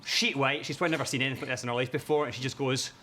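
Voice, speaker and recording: A young Glaswegian man from the audience, telling a funny anecdote in a lively way and acting out the voices in it. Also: mid-range voice, very fast, heavy background noise. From Scotland. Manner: lively storytelling, acts out quoted voices. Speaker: audience member telling a story. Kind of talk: comic anecdote.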